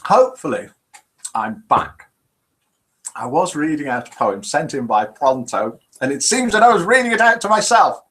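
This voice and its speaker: A man's voice: a little high, big pitch swings, moderate pace, fairly bright tone. A man hosting a live interactive broadcast, chatting casually and talking through technical problems as they happen. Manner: chatty, talks through technical glitches as he goes. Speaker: host of a live interactive show. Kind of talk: casual live-stream chat.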